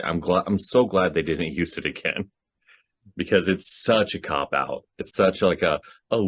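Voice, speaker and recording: A man's voice: deep voice, fairly bright tone, dry recording. A man co-hosting a casual podcast about horror movies, talking animatedly, swearing and laughing often. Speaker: podcast co-host.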